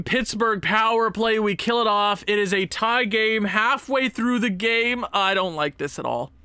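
A young man giving play-by-play commentary on a hockey video game, calm at times and then yelping with excitement and laughing. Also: sits high, no echo. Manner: excitable, shifts between calm calls and sudden yelps; laughs often, talks to the team as "boys". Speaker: gaming commentator.

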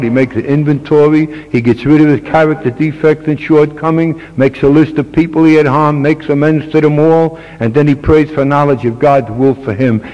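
A man's voice: fairly high pitch, darkish tone. An older man, a grandfather, giving a plain-spoken, earnest talk to a recovery meeting. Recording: dull old tape with long reverb.

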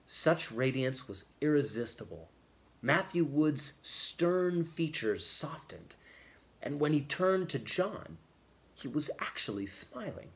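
A man reading a novel chapter aloud in a steady, expressive storytelling manner. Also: fairly high pitch, slow pace. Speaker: audiobook reader.

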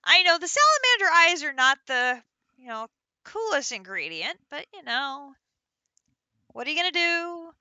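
Bright, lively woman streamer. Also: sits high, normal speed, dry recording. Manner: chatty, talks to herself while counting and placing items. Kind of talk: live gameplay commentary.

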